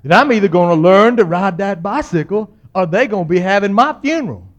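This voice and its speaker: A man telling a humorous personal story, acting out the people in it and yelling out the exciting parts. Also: sits high, fairly quick. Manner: animated, acts out voices and yells.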